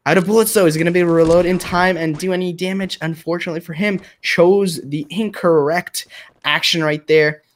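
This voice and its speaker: A man casting a mobile shooter match live, with excitable play-by-play full of fillers. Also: sits high, brisk. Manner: excitable caster with frequent fillers. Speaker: esports commentator.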